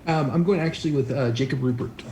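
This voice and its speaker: A man's voice: mid-range voice, fast, mellow, a little hiss or hum, low-quality recording. A man chatting hesitantly as a player in a tabletop game, with many ums and uhs. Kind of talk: casual tabletop game chat.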